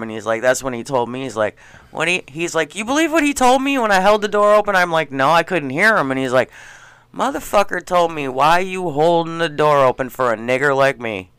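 Bright, lively storytelling man. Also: medium pitch, clear, resonant tone, no room sound. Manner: animated storyteller, laughs often, acts out quotes. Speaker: gas station clerk. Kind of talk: casual chat, storytelling.

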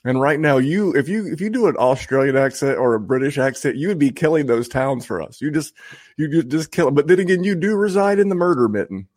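A man's voice: a little high, expressive, quick pace, darkish tone, no room sound, clean studio sound. A man from Indiana hosting a fantasy football podcast in a chatty, joking way with frequent restarts. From Indiana, USA. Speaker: podcast host. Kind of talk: casual podcast intro.

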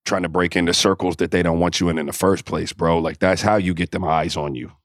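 A man's voice: sits low, fairly even intonation, fast, no echo, clean studio sound. A man co-hosting a sports podcast, talking in a laid-back, slangy casual way. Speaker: podcast co-host. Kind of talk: casual chat.

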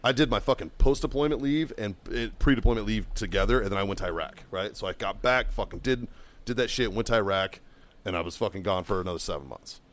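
A middle-aged man and former Marine telling a heated, heavily profane story on a podcast, now and then yelling as he acts out what was said. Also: fairly low pitch, quick pace. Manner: bursts into loud yelling while acting out quotes. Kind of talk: casual chat, storytelling.

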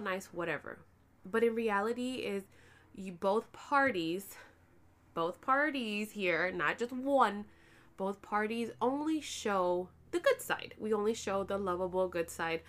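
Chatty, animated woman vlogger. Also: medium pitch. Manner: animated, chatty, swears casually. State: pregnant and tired. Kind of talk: casual chat to camera.

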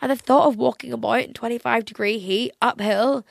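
A woman's voice: a little high, fairly even intonation, brisk, vocal fry, no room sound, studio quality. A young woman from England, hosting a casual chat podcast and talking chattily with lots of fillers. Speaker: podcast host.

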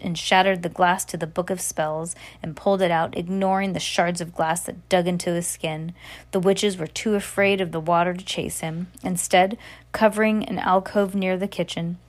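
A woman reading a novel aloud, narrating at a steady pace with occasional slips and restarts. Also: on the low side. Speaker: reader.

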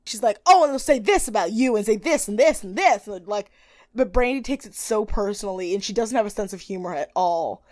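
A young woman co-hosting a casual recap chat, animated, acting out quotes in high voices and swearing freely. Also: brisk, no echo. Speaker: podcast co-host.

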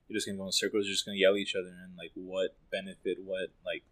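Young guy, low-ish voice, quick, rambling, filler-heavy casual talk. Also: little pitch movement, fairly bright tone. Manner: fast and rambling, many fillers. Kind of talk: casual podcast conversation.

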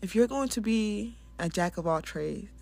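A woman's voice: mid-range voice, animated, moderate pace, gravelly, darkish tone. A woman hosting a casual spiritual talk, speaking candidly and bluntly, swearing and laughing often. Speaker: spiritual podcast host.

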